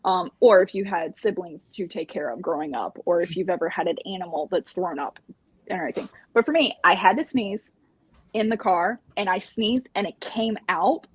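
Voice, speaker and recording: A woman from the American South with a Southern accent, hosting a casual livestream chat over a video call, chatty and quick to giggle and pun. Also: fairly low pitch, husky, no room sound. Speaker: stream host.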